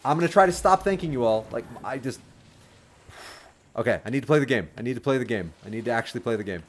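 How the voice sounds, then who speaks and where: Excitable rambling male game streamer. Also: mid-range voice, quick pace. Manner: excitable, rambling, lots of fillers and sudden outbursts. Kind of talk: casual livestream commentary. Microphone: desk microphone.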